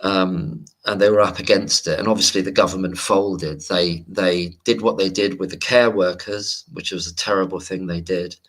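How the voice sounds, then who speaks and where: A man's voice: deep voice, steady tone, moderate pace, few pauses, a bit bright. A man hosting a late-night livestream, chatting casually and wandering off-topic while he reads out viewer comments. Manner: rambling and digressive, reads viewer comments aloud. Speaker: livestream host.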